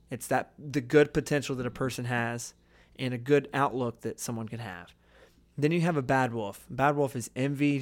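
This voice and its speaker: Young male podcast host, mid-pitched, earnest and rambling in casual talk. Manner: rambling, restarts thoughts, earnest. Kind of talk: casual chat.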